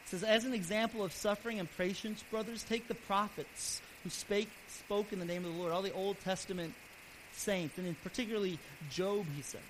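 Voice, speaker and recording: A man pastor preaching a sermon earnestly, his voice swelling louder and then dropping soft. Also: high-pitched, a little fast. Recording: steady background hiss.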